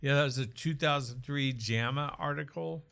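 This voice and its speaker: A man's voice: medium pitch, moderate pace, gravelly, a bit bright. A man from Oklahoma talking casually about health as a co-host, explaining with asides and jokes. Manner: chatty, explanatory, jokes and restarts.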